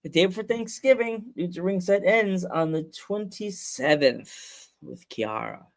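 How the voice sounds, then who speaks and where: A man's voice: high voice, measured pace, vocal fry. A man hosting a casual podcast, telling rambling stories with lots of restarts and laughter. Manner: animated storyteller, acts out scenes with funny voices and sound effects. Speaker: podcast host. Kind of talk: casual chat.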